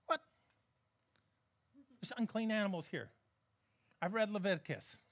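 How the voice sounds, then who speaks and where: A pastor delivers a relaxed, conversational sermon, his voice sitting high for a man. He keeps checking in with the congregation and slips in light jokes as he preaches. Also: moderate pace. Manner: conversational, humorous preaching with frequent audience check-ins.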